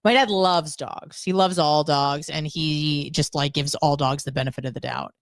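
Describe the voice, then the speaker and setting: Female co-host, low register, dry close sound; blunt, sarcastic, profane rant. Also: fairly even intonation, normal speed, dry recording. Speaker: podcast co-host. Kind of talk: casual ranting monologue.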